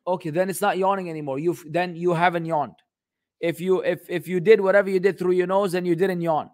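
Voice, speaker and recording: A man's voice: high-pitched, fairly even intonation, fairly quick, a little mellow. Blunt, joking man answering questions. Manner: mixes in Arabic phrases. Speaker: host answering viewer questions. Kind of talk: casual live Q and A.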